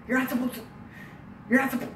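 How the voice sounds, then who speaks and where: A high, pleading little boy of twelve whines at his father, as a young man puts him on, the squeal climbing well above a grown voice. The voice bounces around an echoey room with faint noise behind it. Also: normal speed, sharp tone. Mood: exasperated. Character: his whiny twelve-year-old younger self, a boy.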